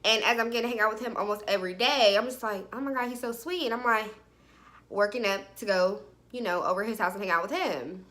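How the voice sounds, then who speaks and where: A woman's voice: medium pitch, quick pace. A young woman telling a personal story in a casual, chatty way, often saying "like". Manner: chatty, animated, peppered with "like". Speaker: vlogger.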